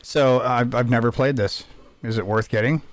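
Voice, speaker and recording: A man's voice: medium pitch, fairly even intonation, moderate pace, no echo. A man hosting a casual podcast, easygoing and chatty, sincere when he wraps up. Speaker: podcast host. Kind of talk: casual chat.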